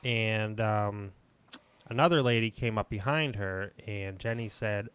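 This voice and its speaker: A podcast co-host relating a secondhand story in casual chat, measured and hesitant, with frequent fillers. His voice is low and smooth. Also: a bit bright.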